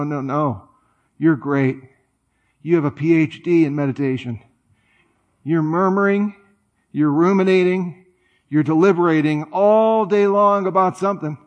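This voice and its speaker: A man preaching a sermon in a conversational way, with playful, animated asides. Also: a little high, moderate pace, lo-fi sound. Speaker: pastor.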